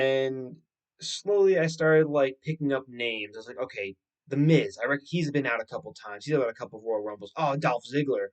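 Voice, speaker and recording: Young man rambling casually on his podcast. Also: mid-range voice. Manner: rambling, animated, swears casually. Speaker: podcast host. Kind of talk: casual solo podcast storytelling.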